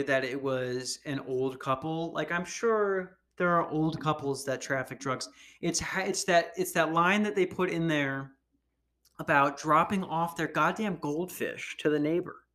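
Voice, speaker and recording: A man's voice: a little high, unhurried, pushed and bright. A man hosting a podcast, riffing in casual, profane, rambling comedic commentary on news stories. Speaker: podcast host.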